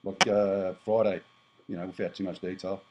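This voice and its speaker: This Australian prepper vlogger, a man in his fifties, rambles bluntly through a casual monologue to camera and keeps correcting himself. He speaks at a moderate pace in a low voice with little pitch movement, and the audio is dull with a noisy background.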